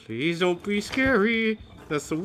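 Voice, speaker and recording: A man's voice: fairly high pitch, noisy background. Jumpy, swearing young-sounding man gaming. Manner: jumpy, swears often, nervous self-mocking jokes. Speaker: let's play host. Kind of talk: horror game let's play commentary.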